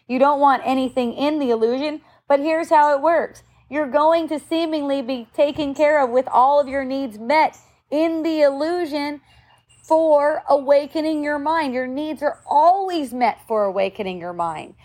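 A woman's voice: high-pitched, a little mellow. A middle-aged woman giving a casual spiritual talk, musing and conversational, sometimes acting out the voices she quotes. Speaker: spiritual teacher.

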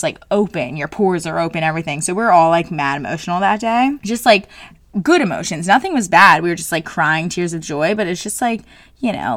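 A woman's voice: on the low side, no room sound, clean studio sound. A woman in her late twenties talking casually as a solo host, frank and jokey, full of fillers. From New Jersey. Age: 20s.

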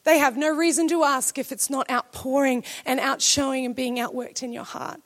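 A woman preacher delivering a sermon to her church, emphatic and at times rising to shouted declarations. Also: sits high, fairly even intonation, moderate pace.

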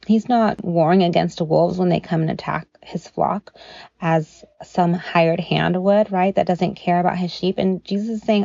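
A woman's voice: lowish voice, steady tone, moderate pace, vocal fry, mellow, no room sound, highs cut off. A woman hosting a devotional podcast, teaching scripture in an earnest, encouraging, conversational way with casual fillers.

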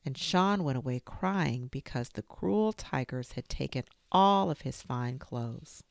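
A woman reading a children's story aloud in an expressive, lilting way. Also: a bass voice, a little slow, vocal fry, no echo.

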